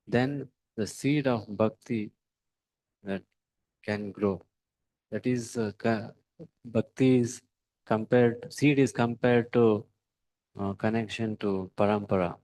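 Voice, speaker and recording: A man giving a devotional sermon, speaking in halting phrases with many pauses and fillers and putting rhetorical questions to his listeners. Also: lowish voice, darkish tone, no room sound, poor audio. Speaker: devotional lecturer.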